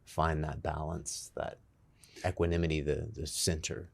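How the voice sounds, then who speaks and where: Very deep-voiced man, soft and halting. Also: level tone, vocal fry. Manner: soft-spoken, halting, searching for words. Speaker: podcast host. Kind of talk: reflective interview questions.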